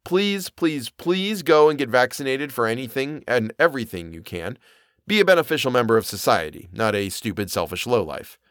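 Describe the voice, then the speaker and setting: A man narrating a horror story as a podcast host, measured and expressive. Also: medium pitch, dry recording, clean studio sound.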